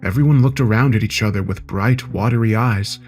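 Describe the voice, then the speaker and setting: A man narrating a horror story in a steady, measured way. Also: fairly low pitch, soft background music.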